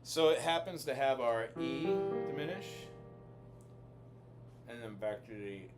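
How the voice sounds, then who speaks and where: A man's voice: mid-range voice, expressive, measured pace. Male music teacher, thinks aloud through harmony, piano playing under him. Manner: thinking aloud, explaining chords while playing. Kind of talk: casual music lesson.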